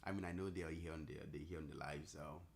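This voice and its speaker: A man with a low, deep voice hosting a live trading stream. He talks casually and answers his viewers' messages as they come in. A faint hiss of noise sits behind him. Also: fairly even intonation, fast, vocal fry. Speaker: livestream trading host.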